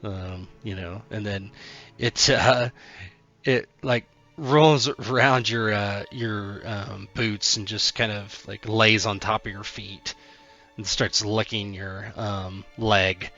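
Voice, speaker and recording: A man narrating as game master of a tabletop game, halting and full of fillers. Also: on the low side, steady tone, pushed and bright, highs cut off, faint music behind.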